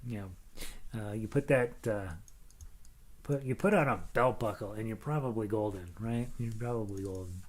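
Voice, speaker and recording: A man's voice: on the low side, normal speed. A middle-aged man teaching ukulele, chatting casually on a live stream and reading out viewers' comments with plenty of fillers and jokes. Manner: chatty and jokey, lots of fillers, breaks into laughs and snatches of song. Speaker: ukulele teacher greeting class chat.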